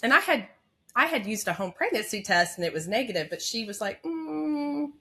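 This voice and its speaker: A woman's voice: medium pitch, sing-song, fast, bright, forceful tone. A woman in her thirties, a nurse, telling her personal story as a podcast guest in a candid, heartfelt way with many fillers. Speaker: labor and delivery nurse. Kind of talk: emotional personal story in an interview.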